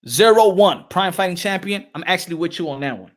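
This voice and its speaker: Hosting a casual livestream podcast, a man speaks in a high-pitched, animated, brisk voice. He repeats phrases and calls out to the viewers in his chat.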